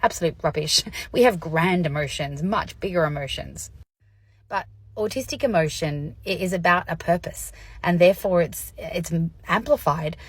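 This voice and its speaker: Woman vlogger, low husky voice, candid and chatty, laughs a lot. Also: lively intonation, normal speed, no room sound. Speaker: vlogger sharing personal experience. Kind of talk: casual educational talk to camera.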